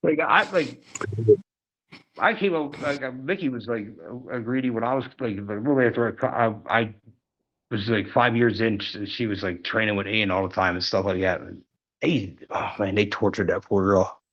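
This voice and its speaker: A man's voice: fairly low pitch, normal speed, a bit bright, lo-fi sound. A man in a casual interview who rambles through stories, full of fillers. He laughs often as he talks. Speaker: interview guest, wrestler. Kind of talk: casual storytelling chat.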